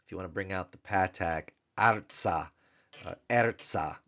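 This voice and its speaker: Deep-voiced man teaching slowly. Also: level tone, creaky, fairly bright tone, dull audio. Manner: patient, repeats words slowly for pronunciation drill. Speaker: Biblical Hebrew tutor. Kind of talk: recorded grammar lesson.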